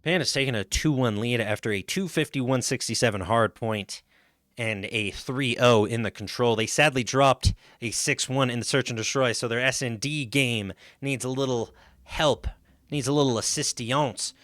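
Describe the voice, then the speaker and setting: A man doing excited play-by-play commentary on an online shooter match, with loud hype calls and constant "folks" to the viewers. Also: mid-range voice, moderate pace, dry recording. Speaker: esports caster.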